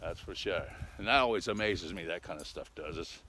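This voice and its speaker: A man's voice: sits low, brisk, sharp tone. An older man talking casually while walking his dogs outdoors on a country road, folksy and chatty, tagging "eh?" onto his lines and a little out of breath. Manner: folksy, talkative, ends lines with "eh?". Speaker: vlogger. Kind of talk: casual rambling monologue. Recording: noisy outdoor recording. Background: dogs and rural outdoor sounds.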